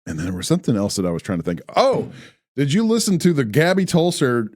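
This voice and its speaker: A man's voice: mid-range voice, wildly swooping pitch, quick pace, a little mellow, no echo, clean studio sound. A man in his late thirties co-hosting a podcast, rambling and opinionated in casual chat with jokes. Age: 30s. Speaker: podcast co-host.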